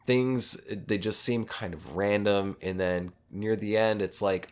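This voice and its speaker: A man's voice: on the low side, fairly even intonation, measured pace, hardly any pauses. A man hosting a podcast, telling a long story in a rambling, casual way with lots of swearing and self-aware asides. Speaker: podcast host.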